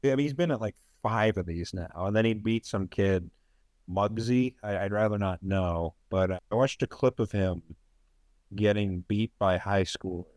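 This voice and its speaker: A man's voice: on the low side, normal speed, a little mellow, no room sound. Wry, rambling man on a dry mic. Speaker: podcast host. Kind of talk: casual sports chat.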